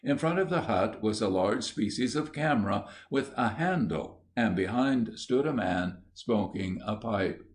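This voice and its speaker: A man narrating a children's storybook in a measured, dry way. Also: on the low side, lively intonation. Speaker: audiobook narrator.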